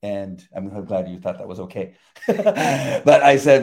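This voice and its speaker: An older man, a retired police officer, talking about faith in a halting, reflective way with many restarts. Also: lowish voice, lively intonation, darkish tone. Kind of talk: casual faith conversation.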